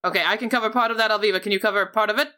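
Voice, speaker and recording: A woman playing a tabletop game, brisk and practical, speaking for her character. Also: mid-range voice, steady tone, pushed and bright, smooth. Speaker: player. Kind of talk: casual tabletop play.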